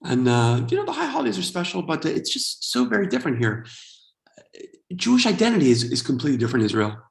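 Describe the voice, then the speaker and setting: A man's voice: fairly high pitch, huge pitch swings, fast, creaky, reverberant. A man in his forties from the United States, doing a wry, self-deprecating stand-up comedy set. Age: 40s.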